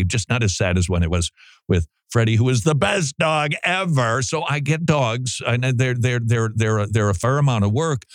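In a studio, a man with a medium-pitched voice hosts a radio show through a studio mic, with no echo. It's a casual talk-radio monologue, full of jokes and frequent laughter.

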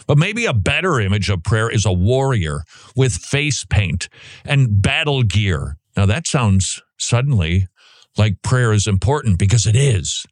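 A man's voice: on the low side, big pitch swings, unhurried, dry recording, studio quality. A man hosting a Christian radio show, talking casually and rambling, with asides to his co-host and appeals to listeners.

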